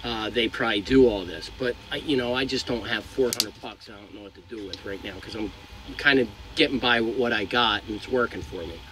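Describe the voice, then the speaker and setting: A man's voice: lowish voice, a little fast, crowd noise, rough recording. A young man who drives trucks, giving frank, rambling advice to viewers, swearing now and then. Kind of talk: casual advice vlog. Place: inside a truck cab.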